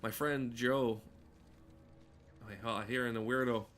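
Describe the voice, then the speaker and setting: A man's voice: mid-range voice, fairly even intonation, measured pace, a bit bright, faint music behind. A man giving casual, profane, rambling commentary while playing a horror game, drifting into joking tangents. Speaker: gaming streamer.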